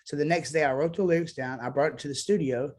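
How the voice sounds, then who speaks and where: A man's voice: a little high, fast, a little mellow. A man, a musician guest talking casually and bluntly in an interview, swearing now and then. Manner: blunt, swearing, self-assured.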